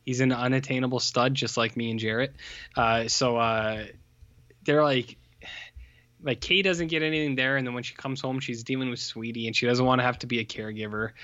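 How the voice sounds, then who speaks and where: A man's voice: mid-range voice, steady tone, fairly quick, a bit bright, dry recording, lo-fi sound. A man co-hosting a podcast, recapping a film in a rambling, blunt, profane way with lots of fillers. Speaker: podcast co-host. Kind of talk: casual film recap chat.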